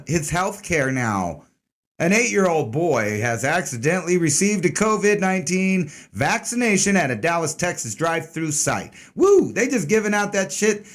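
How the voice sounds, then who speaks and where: Sarcastic, rambling man hosting. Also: fairly high pitch. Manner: sarcastic, rambling, swears a lot. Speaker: host of an online news commentary stream. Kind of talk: casual profane news commentary.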